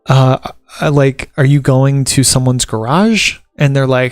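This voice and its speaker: A man's voice: medium pitch, fairly even intonation, measured pace, no echo, clean studio sound. A man from the American South, a vlogger and tattoo apprentice, chatting casually to camera and reading article points aloud before riffing on them with jokes. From Southern United States. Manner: rambling and joking, reads article points aloud and riffs on them.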